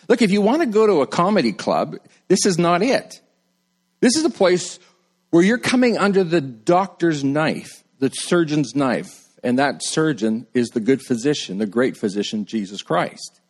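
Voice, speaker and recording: A middle-aged male pastor preaching a sermon in a conversational way, jumping high when he quotes people and dropping low and quiet to drive a point home.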